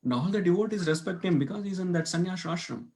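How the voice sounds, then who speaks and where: A man's voice: high-pitched, quick pace, a little mellow. A man teaching a devotional scripture class, telling a story and asking his listeners questions as he goes. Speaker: class speaker. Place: temple hall.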